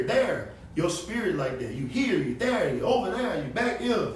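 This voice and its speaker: A man preaching on the street, fiery and emphatic, swinging between loud and low. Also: big pitch swings, moderate pace, few pauses. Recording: echoey, distant outdoor recording with faint background noise.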